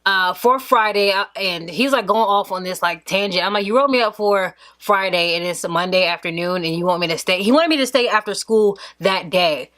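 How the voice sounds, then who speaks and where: A woman's voice: medium pitch, fairly quick, few pauses. A young woman in casual storytime, animatedly acting out what others said. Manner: animated, acts out quotes of others. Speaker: vlogger.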